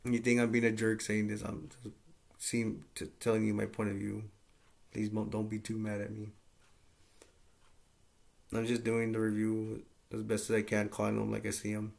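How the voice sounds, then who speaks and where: A man's voice: on the low side, monotone, moderate pace, gravelly, pauses often, a little mellow. A man casually recapping a movie plot in a rambling, plain-spoken way with lots of fillers. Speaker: movie reviewer.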